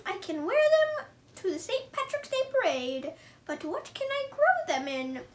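A woman voicing an eager, fretful young male rabbit in a storybook reading, pitching his lines a little higher and louder, with faint background noise. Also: big pitch swings, unhurried, heavily acted.

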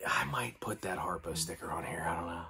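A middle-aged man talking casually through an unboxing, excitable and often dropping to delighted whispers and gasps. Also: low voice, a little fast, vocal fry, slightly rough. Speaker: collector vlogger.

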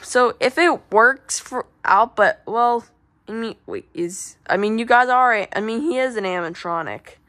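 A woman's voice: a little high, moderate pace, a bit bright, natural voice. A woman voicing a doctor who is also a mechanic, rambling unsurely through advice. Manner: rambling, unsure, full of restarts.

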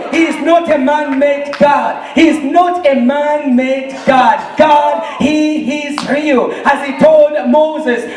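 Southern african pastor, really high voice, fired up and shouting, echoey church hall. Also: male voice, recorded from a distance. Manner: impassioned, often shouting with emphatic repetition. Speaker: preacher. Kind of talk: sermon. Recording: roomy hall, mic from afar.

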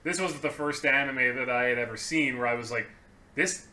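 A young man from Canada co-hosts a casual podcast, speaking earnestly. His voice is strikingly bright and sharp, at a middle pitch for a man. He restarts and repeats words as he works through his thoughts. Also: normal speed. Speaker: podcast co-host. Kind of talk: casual chat.

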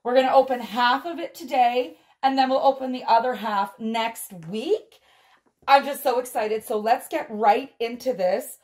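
A woman unboxing a doll advent calendar on a vlog, gushing and gasping with excitement as she talks straight to her viewers. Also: on the high side, normal speed. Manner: gushing, excitable, frequent gasps and exclamations. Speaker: doll collector vlogger.

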